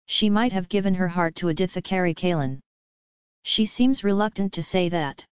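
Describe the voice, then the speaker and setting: A woman narrating an audiobook novel in an even, formal storytelling manner. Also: fairly low pitch, normal speed, smooth, no room sound, dull audio.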